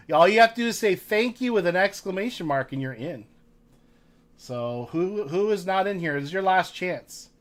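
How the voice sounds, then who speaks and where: A man's voice: high voice, animated, measured pace, long pauses. A man hosting a casual card-break livestream, chatting with viewers and reading their names aloud.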